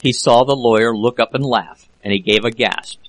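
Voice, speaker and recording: Give me a man reading a novel aloud at a steady, measured pace, medium pitch. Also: dry recording, rough recording. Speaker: volunteer audiobook reader. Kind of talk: scripted narration.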